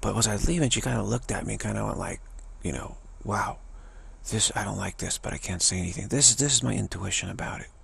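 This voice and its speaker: A man speaks fast at a fairly low pitch, his gravelly, husky voice carrying a fairly bright tone, in a rambling spiritual monologue. He restarts phrases often and mocks the way others talk.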